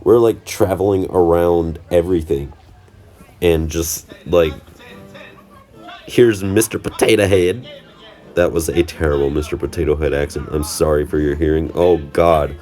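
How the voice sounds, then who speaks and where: Young male vlogger, low-pitched, loose joking voice-over with plenty of stumbles. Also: steady tone, moderate pace, mellow. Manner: rambling, jokey, self-correcting. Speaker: channel host. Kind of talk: casual vlog commentary over trip footage.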